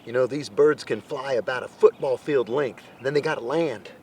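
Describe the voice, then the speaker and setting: A man hosting a hunting show, giving excited outdoor commentary in the field, at times dropping to a hushed voice. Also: mid-range voice, normal speed, slight background noise.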